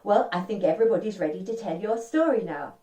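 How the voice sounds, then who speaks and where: A woman's voice: medium pitch, expressive, quick pace, warm tone. A woman telling an interactive story to children, speaking directly to young listeners and inviting them to join in. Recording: roomy and distant.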